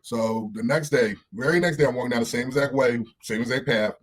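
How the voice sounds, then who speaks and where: Husky-voiced man telling blunt stories. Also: mid-range voice, fairly quick. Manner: animated, swears freely, acts out other people's voices. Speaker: interview guest. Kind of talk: candid podcast storytelling.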